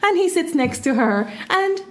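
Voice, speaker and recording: A woman co-hosting a podcast, telling a story in an animated, expressive way with searching pauses. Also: very high-pitched. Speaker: podcast co-host. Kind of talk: casual chat and storytelling.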